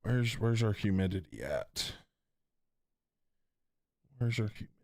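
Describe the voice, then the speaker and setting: A man's voice: on the low side, sing-song, unhurried, a little mellow, no echo, clean studio sound. A middle-aged man from North Carolina, chatting casually and joking with viewers on a gaming stream. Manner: chatty, joking, slangy, reads chat aloud. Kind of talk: casual live-stream chat.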